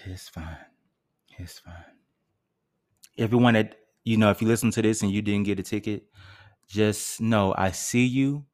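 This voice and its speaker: A man's voice: fairly low pitch, fairly even intonation, moderate pace, a little mellow. A man hosting a podcast, ranting theatrically with sarcastic asides. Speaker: podcast host. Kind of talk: solo podcast rant.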